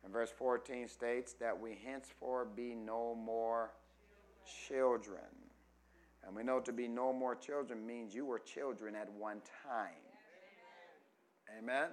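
A man pastor preaching a call-and-response sermon, asking the congregation questions and stretching key words slowly for emphasis. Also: medium pitch, fairly even intonation. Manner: rises from quiet teaching to loud emphatic preaching.

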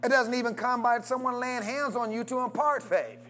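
A man preaching a sermon, constantly calling out questions for the congregation to answer and urging them to say amen. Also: brisk. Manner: call-and-response preaching with wide swings in pitch and loudness.

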